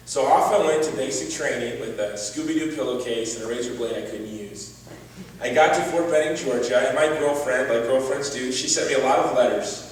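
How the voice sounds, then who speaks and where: A man's voice: mid-range voice, brisk, slight background noise. A man giving an earnest personal testimony as a gala speaker, with touches of wry humor. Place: large event hall. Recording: distant echoey hall recording.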